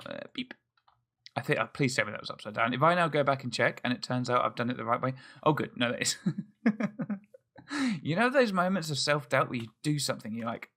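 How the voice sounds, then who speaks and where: A man's voice: medium pitch, lively intonation, brisk, pushed and bright. A man hosting a let's play, thinking aloud in chatty, self-mocking commentary as he plays. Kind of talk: casual gameplay commentary.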